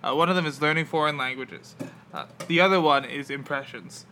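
Young man, casual podcast host, very bright tone, slightly raised pitch, halting speech, faint hiss behind. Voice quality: bright, halting delivery with many fillers. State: on painkillers after wisdom teeth removal.

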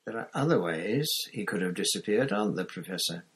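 A man reading aloud, voicing an eager, quick-talking teenage girl student. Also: on the low side, lively intonation, slightly rough.

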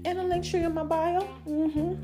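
A woman's voice: very high-pitched, moderate pace, faint music behind. A woman hosting her own podcast, giving a casual, effusive update to her followers, calling them y'all and baby. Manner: animated, effusive, addresses listeners as y'all and baby. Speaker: podcast host and brand owner.

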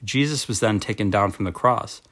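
A man with a fairly low voice reads a devotional text aloud. His delivery is slow and measured, with a solemn tone throughout. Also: a bit bright. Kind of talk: reading a devotional book aloud.

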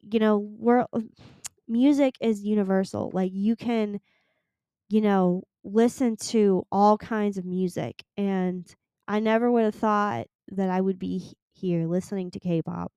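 A woman's voice: mid-range voice, fairly even intonation, unhurried, warm tone, clean tone, dry recording. A young woman hosting a solo podcast, chatting in a gushing, rambling way and swearing casually. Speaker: podcast host.

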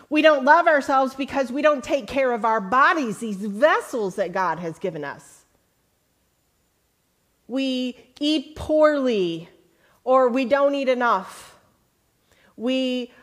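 A woman pastor delivering a sermon at an unhurried, measured pace, with a voice that sits a little on the high side. She quotes scripture slowly and deliberately and rises into earnest, emphatic questions for her listeners. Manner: earnest preaching, rising to lively emphatic questions; slow, deliberate quoting of scripture.

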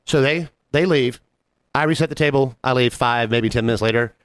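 A man's voice: medium pitch, fairly quick, smooth, dry recording. A man co-hosting a podcast, telling a work story in casual chat, acting out the other people in it and swearing freely. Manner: animated, acts out quoted voices. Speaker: podcast co-host.

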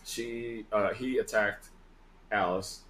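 A man in casual chat about a video game, retelling scenes in a relaxed, halting way. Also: on the low side, echoey room, slight background noise, rough recording.

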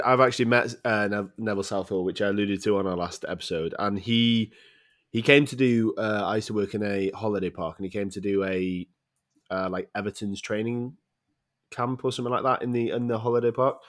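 Young male co-host, relaxed anecdotal chat, slightly low voice. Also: brisk. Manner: chatty, laughs easily. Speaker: podcast co-host. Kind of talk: casual chat.

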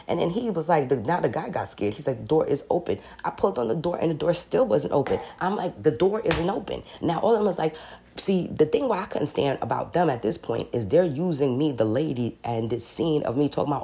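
A woman vlogger telling a personal story in a casual, animated way, acting out the people she quotes and pressing her points hard. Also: low voice, fast talker, creaky. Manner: emphatic and insistent, repeats her points.

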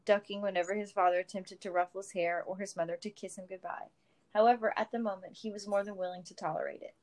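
A woman narrating a story in a steady, expressive reading voice. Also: mid-range voice, low-quality recording. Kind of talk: audiobook reading of fan fiction.

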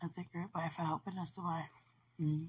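A woman's voice: fairly low pitch, flat delivery, fast, husky. A woman hosting a podcast in casual livestream chat, effusive and affectionate and laughing often. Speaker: podcast host.

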